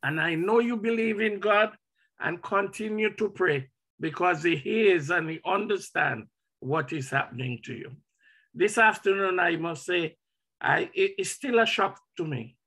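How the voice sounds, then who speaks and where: A man's voice: sits high, unhurried, bright, forceful tone. A man speaking at a memorial service, stammering with emotion before rising into fervent preaching about heaven. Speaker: family member speaking at a memorial.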